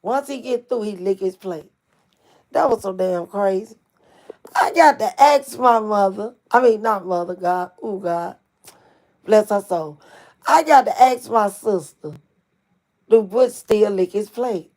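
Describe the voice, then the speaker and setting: A middle-aged woman telling a family story to her viewers in a casual, animated, folksy way, cursing freely. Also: medium pitch, unhurried. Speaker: channel host.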